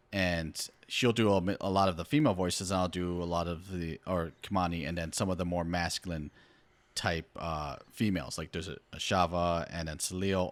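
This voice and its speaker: A man, an author, chatting casually on a podcast, rambling and dropping quieter when he turns earnest. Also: low voice, no room sound.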